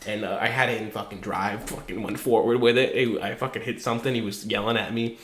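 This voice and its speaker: A man's voice: lowish voice, steady tone, quick pace, slight background noise. A young man co-hosting a podcast, telling rambling stories in casual chat, swearing often and laughing as he goes. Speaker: podcast co-host. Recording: roomy echo.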